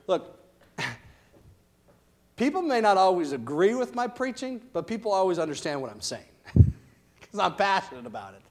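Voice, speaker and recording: A middle-aged male pastor preaching a sermon with passion, swinging from loud emphasis to hushed lines. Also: high voice.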